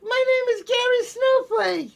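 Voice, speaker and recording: A man voicing a whiny, crying male internet troll in a high, sobbing falsetto. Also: measured pace, gravelly, heavily acted. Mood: whining sobbing.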